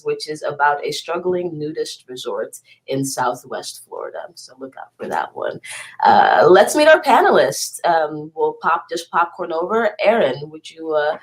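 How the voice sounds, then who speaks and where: A woman moderating a panel over a video call from her office, relaxed, with frequent ums and uhs. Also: low voice, poor audio. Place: single office.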